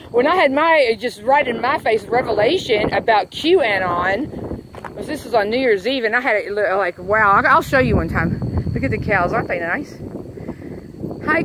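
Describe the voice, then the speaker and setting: A woman giving a rambling religious rant outdoors in a rural pasture, breaking off to coo at the cows around her. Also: a little high. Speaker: religious vlogger. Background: wind and animals.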